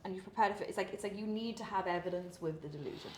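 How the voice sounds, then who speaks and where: A young British professional athlete chats candidly in a casual interview, full of fillers and laughing between thoughts. Her mid-range voice comes rapid-fire, in an echoey room with faint hiss.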